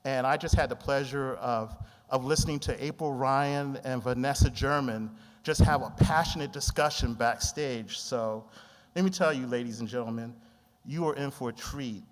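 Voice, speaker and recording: A man hosting a conference, reading a measured, formal introduction of the keynote speaker. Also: mid-range voice. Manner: measured, formal, slows for emphasis. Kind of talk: scripted introduction. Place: large conference hall. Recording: long hall reverb.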